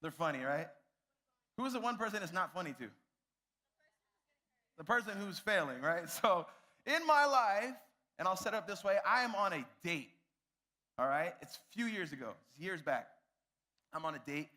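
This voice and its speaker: A man's voice: high-pitched, animated, normal speed, pauses often, sharp tone. A young man, a youth pastor, telling a self-mocking story to a youth group and addressing them directly.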